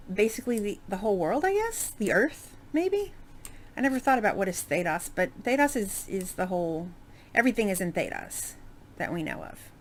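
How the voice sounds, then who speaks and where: Woman game streamer; casual, chatty, rambling commentary, average pitch. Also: a little hiss or hum. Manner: chatty, rambling, lots of fillers and asides. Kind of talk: casual let's-play commentary.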